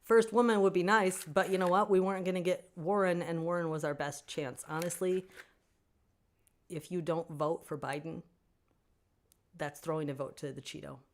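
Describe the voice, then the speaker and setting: A woman with a lower-pitched voice chats casually on a livestream, reading out and answering fans' comments. She is animated and opinionated and laughs easily between thoughts. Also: normal speed. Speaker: author hosting a fan Q&A stream.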